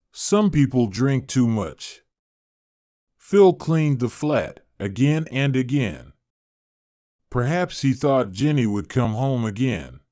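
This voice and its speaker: A man reading a story aloud slowly and clearly for English learners, in a calm, carefully paced narration. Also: medium pitch, no echo, studio quality.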